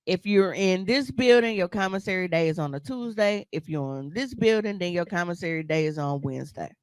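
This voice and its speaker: A woman's voice: fairly low pitch, expressive, fairly quick, a little mellow, smooth, no echo. A woman co-hosting a podcast, telling a story in casual chat, blunt and profane, with frequent laughs. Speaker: podcast co-host.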